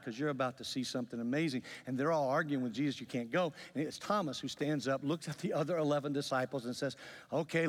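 A male pastor preaching a sermon, telling the story with lively acted-out voices. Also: fairly high pitch. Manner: animated storytelling, acts out quoted voices. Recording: long reverb of a large hall.

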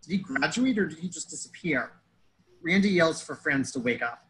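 A man's voice: on the high side, animated, moderate pace, fairly bright tone, a little hiss or hum, rough recording. A man telling a comedic story in a pedantic, wordy way, fussing over grammar and metaphors.

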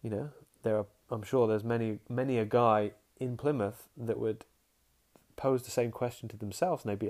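A man's voice: mid-range voice, steady tone, moderate pace, darkish tone. A young man hosting a casual podcast monologue, rambling frankly, trailing off and restarting his sentences. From England. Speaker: podcast host.

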